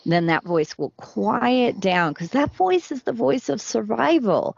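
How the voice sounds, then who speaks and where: A woman who works as a relationship coach, speaking in a slow, earnest coaching style on a podcast. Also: a little high, sing-song, vocal fry, no room sound. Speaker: soulmate coach. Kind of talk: podcast interview. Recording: dry, dull lo-fi sound.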